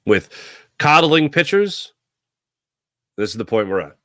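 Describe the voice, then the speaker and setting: A man's voice: on the high side, a little slow, no echo, clean studio sound. A man hosting a sports talk show, chatting casually and rambling with jokes while he answers viewer comments. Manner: animated, rambling, jokey.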